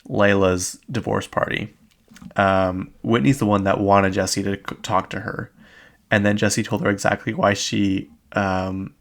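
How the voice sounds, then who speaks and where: Creaky low-voiced man chatting casually. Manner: rambling, many fillers and "like"s. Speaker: podcast host. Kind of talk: casual recap chat.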